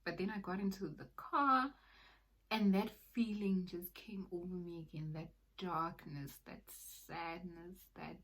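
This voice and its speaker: A young woman with a slightly low-pitched voice shares her personal testimony. Her delivery is conversational and halting, scattered with fillers. At weighty points she drops toward a soft near-whisper. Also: steady tone, rough recording. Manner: halting, conversational, many fillers like "like" and "you know". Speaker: person sharing a faith testimony.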